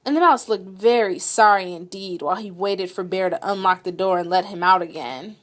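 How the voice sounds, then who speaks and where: A woman reading a children's picture book aloud with expressive, dramatic storytelling. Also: lowish voice, normal speed. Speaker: read-aloud reader.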